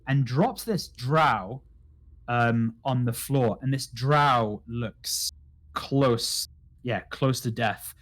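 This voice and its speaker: Brief: unhurried male game master, mid pitch, stop-start narration. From United Kingdom. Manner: halting, many restarts.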